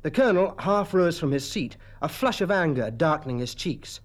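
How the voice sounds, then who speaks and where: A man narrating a storybook in an expressive, dramatic style. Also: medium pitch, moderate pace.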